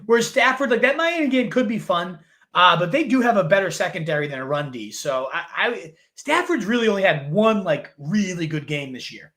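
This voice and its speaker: A man's voice: sits high, lively intonation, brisk, few pauses, a bit bright. A man co-hosting a casual fantasy football chat, enthusiastic and thinking aloud with fillers.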